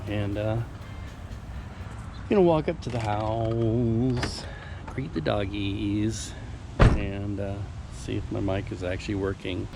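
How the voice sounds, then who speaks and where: A man's voice: lowish voice, fairly even intonation, slow pace, creaky, music in the background. A man vlogging as he walks outdoors, talking into a small handheld mic in a rambling, offhand running commentary. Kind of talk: casual walking vlog. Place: outdoors, walking around town and by a flooded river. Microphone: small handheld external mic. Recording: noisy outdoor phone-style recording.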